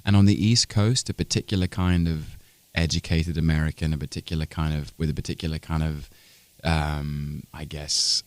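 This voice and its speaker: Deep-voiced English man, dry studio sound. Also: level tone, normal speed, few pauses, no room sound. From England. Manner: thoughtful, articulate, many restarts. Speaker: actor guest. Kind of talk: radio interview.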